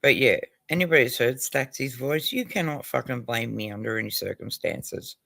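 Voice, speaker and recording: An Australian man chats loosely on his livestream, swearing freely and laughing between stories. His voice has a gravelly rasp, sits at an ordinary pitch, and sounds dry and close to the mic. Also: moderate pace, fairly bright tone, no echo. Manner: crude, swearing, laughing often. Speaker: livestream host. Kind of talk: casual livestream chat.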